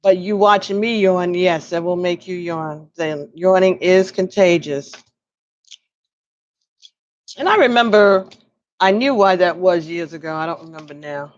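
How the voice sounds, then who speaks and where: A woman's voice: on the low side, measured pace, lo-fi sound. A tired woman casually reading tarot cards on a live stream, chatting with viewers by name and laughing often. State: tired, yawning.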